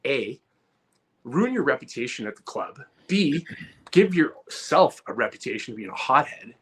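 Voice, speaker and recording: A man's voice: mid-range voice, very animated, normal speed, a bit bright, breathy edge. A man co-hosting a comedy podcast, talking heatedly, swearing and restarting his sentences. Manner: heated, repeats words and restarts often, swears. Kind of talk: casual podcast chat.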